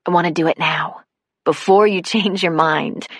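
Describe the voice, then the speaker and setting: A woman voicing an emotional, loving young woman in an audiobook, speaking a little higher than her narration. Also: normal speed, fairly bright tone, husky, dry recording, clean studio sound. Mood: playful.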